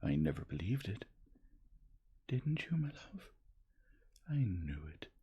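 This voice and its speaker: A man voicing a sleepy, overjoyed young boy in a breathy whispered role-play. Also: low-pitched, big pitch swings, takes it slowly, warm tone, a little hiss or hum, voice pushed up, heavily acted. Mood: eager whisper.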